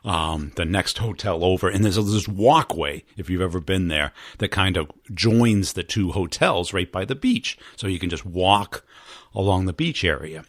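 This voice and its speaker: Male podcast host, low voice, animated storyteller who acts out quotes, dry close recording. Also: moderate pace, no room sound. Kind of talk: podcast storytelling and sales pitch.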